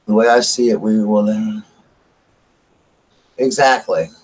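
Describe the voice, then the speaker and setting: Over a low-quality recording, a man from the United States with a Southern American accent talks to camera in a casual storytelling vlog. His voice is fairly low, a little slow, and slightly rough as he rambles and repeats himself recounting an argument.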